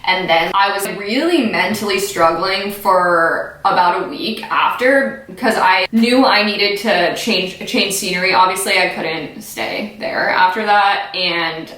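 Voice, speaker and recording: A woman's voice: fairly low pitch, sharp tone. A young American woman candidly reacting to her own old video, chatty and self-mocking. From United States. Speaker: vlogger. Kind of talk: casual reaction commentary. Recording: echoey room.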